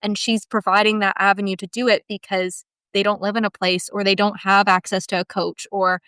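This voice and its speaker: A woman speaks on a podcast with a smooth, resonant voice. She tells heartfelt, rambling stories, restarting her sentences as she goes. The recording is close and dry. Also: medium pitch, level tone, fairly quick, a bit bright, no room sound. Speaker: guest, team member of a dressage education business. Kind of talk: casual podcast interview storytelling.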